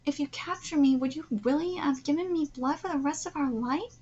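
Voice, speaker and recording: A young female villain speaks in a soft, confessional tone, as a woman reads her lines aloud. The voice sits high and the reading stays plain and slightly hesitant. The audio is dull and lo-fi. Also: a little fast, lightly acted. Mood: subdued. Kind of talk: reading manga dialogue aloud.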